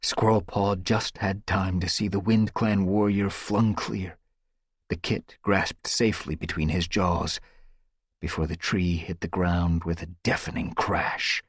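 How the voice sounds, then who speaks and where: A man with a husky voice reading an audiobook with dramatic, tense storytelling. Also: deep voice, flat delivery, measured pace, dry recording. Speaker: audiobook narrator. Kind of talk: dramatic scripted narration.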